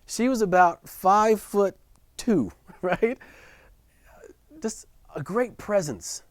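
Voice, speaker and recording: A man telling a heartfelt personal story in a virtual talk, earnest, dropping soft and quiet at the tender moments. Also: sits high, lively intonation, slow, no room sound. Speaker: speaker at a business chamber event. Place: at home or office for a virtual presentation. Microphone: close video call mic.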